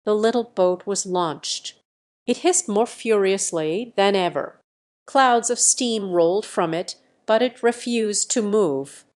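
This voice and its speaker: A woman narrating a classic novel as an audiobook, in a measured, even storytelling manner. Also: mid-range voice. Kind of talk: scripted narration.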